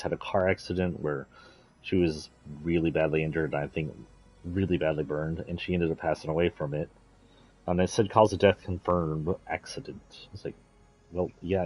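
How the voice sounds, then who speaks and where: A man's voice: deep voice, darkish tone, husky. A man streaming a video game, chatting casually in an offhand, rambling way and swearing now and then. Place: indoors, playing a video game.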